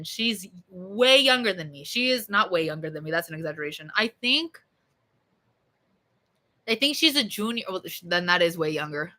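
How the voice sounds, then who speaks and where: A young woman streaming and chatting with viewers in a loose, rambling way, full of swearing and fillers, her voice a bit hoarse from being sick. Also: mid-range voice, sharp tone. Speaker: streamer answering chat. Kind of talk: casual rambling chat.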